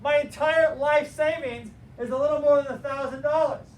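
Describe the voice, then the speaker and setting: A man teaching a class, telling a story in an animated, direct and motivational way. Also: extremely high pitch, moderate pace. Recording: distant mic with faint room noise.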